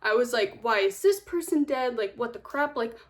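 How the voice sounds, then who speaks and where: A woman's voice: a little high, expressive, normal speed. Gushing young woman reviewing books. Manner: gushing, rambling, repeats words for emphasis. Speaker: book vlogger. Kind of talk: casual book review chat.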